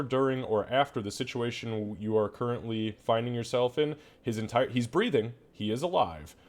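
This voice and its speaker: A man's voice: lowish voice, darkish tone. A man narrating a tabletop game as game master, describing scenes with frequent fillers and hesitations.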